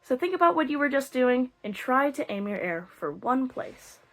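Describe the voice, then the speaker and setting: A woman's voice: high voice, sing-song, moderate pace. A young woman teaching beginner flute, explaining step by step with playful, self-mocking jokes. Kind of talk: casual instructional video.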